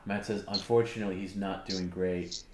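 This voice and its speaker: Deep-voiced man chatting on a livestream. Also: fairly even intonation, fairly quick, echoey room, background noise. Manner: reads viewer comments aloud, loose and rambling. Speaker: stream co-host. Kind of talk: casual livestream chat.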